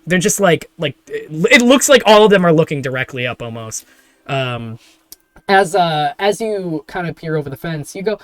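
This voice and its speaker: A man's voice: on the high side, big pitch swings, normal speed, dry recording. A man narrating as game master of a tabletop game, describing scenes in a rambling way full of fillers.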